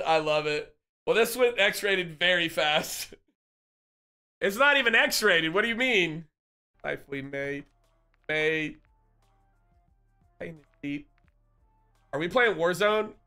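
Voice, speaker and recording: A man's voice: high-pitched, measured pace, pauses often, sharp tone, smooth, faint music behind. A man streaming live, chatting casually and joking with his viewers, often breaking into laughter.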